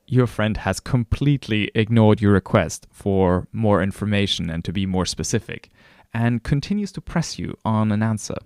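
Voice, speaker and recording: A man's voice: lowish voice, expressive, moderate pace, darkish tone, smooth, no room sound, studio quality. A male course instructor narrating a recorded lesson, telling a story and speaking straight to the listener. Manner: storytelling, addresses the listener directly.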